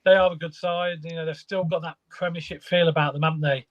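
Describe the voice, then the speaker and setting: A man's voice: a little high, steady tone, quick pace, highs cut off. A man co-hosting a football fan podcast, agreeable and asking the others' views. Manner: agreeable, opinionated, asks questions. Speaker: podcast co-host. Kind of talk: casual fan podcast chat.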